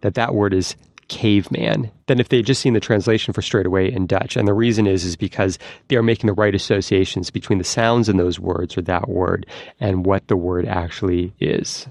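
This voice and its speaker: Gravelly-voiced male science correspondent. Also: low voice, brisk, no echo. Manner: lively, explanatory, demonstrates sounds. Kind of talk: explaining science news on a podcast.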